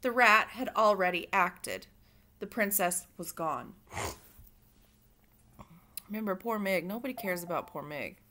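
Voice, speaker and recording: A woman reading a children's book aloud, expressive and pausing for asides to her listeners. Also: mid-range voice. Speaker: reader. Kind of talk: storybook read-aloud for children.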